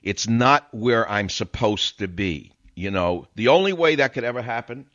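An older man hosts a radio call-in show in an insistent, sermon-like way, stacking repeated phrases to hammer his point home. His voice sits at an ordinary male pitch. It is recorded dry and close, with a slightly dull tone. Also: lively intonation, moderate pace, a bit bright, no room sound. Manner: emphatic, preachy, repeats phrases for effect. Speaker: radio talk show host. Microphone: studio broadcast mic.

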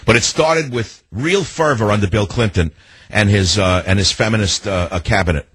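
An older man hosting a call-in radio talk show, combative and ranting, now and then rising to shouts. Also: lowish voice, normal speed, breathy edge, no echo, rough recording.

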